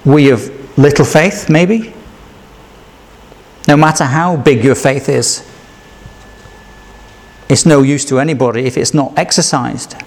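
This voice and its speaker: A man's voice: a little high, slow, vocal fry, pauses often, darkish tone. A man giving a sermon in a conversational way, asking rhetorical questions and acting out the quoted lines. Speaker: preacher.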